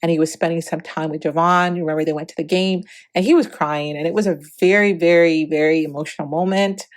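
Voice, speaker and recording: A woman's voice: deep voice, steady tone, a little fast. A woman hosting a celebrity gossip vlog, giving preachy, opinionated commentary with emphatic repetition.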